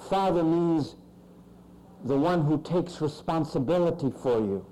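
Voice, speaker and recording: A male pastor preaching a sermon with emphatic swings in pitch and loudness. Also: animated, a little slow, rough recording.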